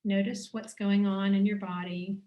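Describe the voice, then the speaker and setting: A woman teaching on a video call, leading a guided breathing exercise with slow, soothing instructions and pauses. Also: medium pitch, level tone, muffled recording. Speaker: dowsing teacher.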